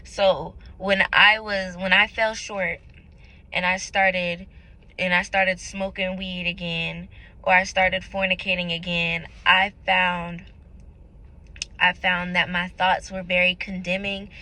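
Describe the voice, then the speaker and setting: A woman's voice: on the low side, little pitch movement, takes it slowly, sharp tone, rough recording. A young woman vlogging about her faith, talking casually and candidly to her viewers in an earnest, searching way. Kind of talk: casual confessional talk to camera.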